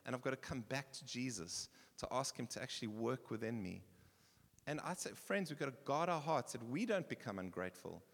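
Animated preacher in an echoing church hall. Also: male voice, mid-range voice, a little fast, vocal fry. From South Africa. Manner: animated preaching with bursts of shouting. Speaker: pastor. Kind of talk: sermon.

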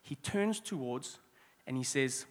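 A man preaching a sermon as pastor, conversational with quick asides and restarts. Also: medium pitch, animated, big-room sound.

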